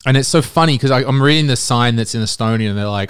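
A man's voice: medium pitch, clean tone. A man hosting a podcast in casual chat, teasing his co-host and riffing with profane jokes. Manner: teasing, profane, quick to riff.

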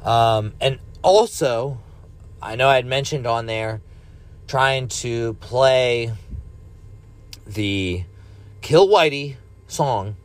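An American man in his thirties hosts a solo podcast, rambling in a casual, laid-back monologue and swearing freely. His voice is mid-range and extremely slow, broken by long pauses.

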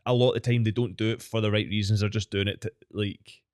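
Low-voiced wry man. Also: steady tone, fast talker, darkish tone, clear, resonant tone, no room sound, clean studio sound. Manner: reflective, hedging, wry. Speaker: podcast co-host. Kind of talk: casual chat.

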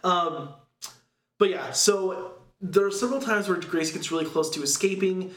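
A man casually retelling a film's plot in a rambling, filler-heavy way, now and then slipping into quick quoted voices. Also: high-pitched, a bit bright. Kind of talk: casual chat recapping a film. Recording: echoey room.

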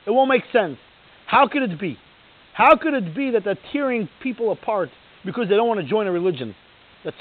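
A man with a notably high voice delivers a sermon, telling a story and then building to emphatic rhetorical questions. The recording is thin and tinny, like a phone line. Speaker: Torah lecturer.

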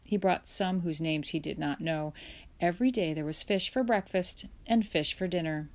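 A woman narrating a children's chapter book aloud in a gentle, unhurried way. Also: on the low side. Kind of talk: storybook read-aloud.

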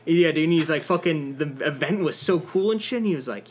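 With a slightly high voice, a young co-host speaks quickly and with few pauses on a podcast. His casual, rambling video game chat is packed with fillers and swear words.

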